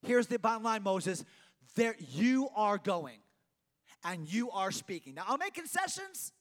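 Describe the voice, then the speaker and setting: A preacher voicing a stern, commanding God. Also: male voice, high-pitched, fairly quick, a bit bright. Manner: firm, insistent, repeats its point. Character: stern commanding male God, done talking.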